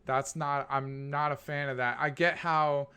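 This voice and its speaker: A man co-hosting a casual chat about video games, animated and full of restarts. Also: on the high side, measured pace, clean tone. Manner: animated, talks over others with many restarts. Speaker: podcast co-host.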